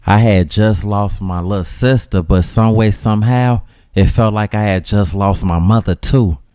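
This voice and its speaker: A man with a Chicago accent narrating a dramatic story in a slangy, casual way with dramatic pauses. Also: fairly low pitch, warm tone, clean tone, no room sound, studio quality.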